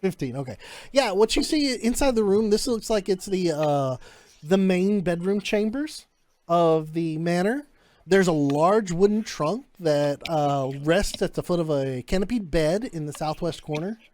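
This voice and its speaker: A man's voice: sits high, animated, unhurried, a little mellow, no echo. A man narrating as game master in a casual, descriptive way.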